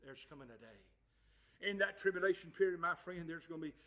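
A man preaching a fervent sermon. He moves from quiet, folksy asides to shouted passages and calls his listeners "my friend" and "honey.". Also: on the high side, fairly quick, low-quality recording.

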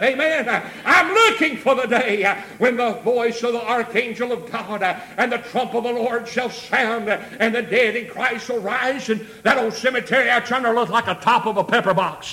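High, forceful preacher man. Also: normal speed, hardly any pauses. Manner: rhythmic preaching that swells into shouts, peppered with amens; frequent "uh" before phrases. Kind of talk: sermon.

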